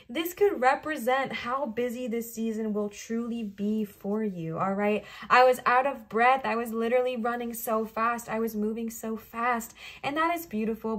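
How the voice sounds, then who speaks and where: A woman giving a pick-a-card tarot reading, talking fast in an upbeat, gushing way and passing on affirming messages from Spirit. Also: medium pitch. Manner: affirming, uplifting, channeling Spirit. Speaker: tarot reader.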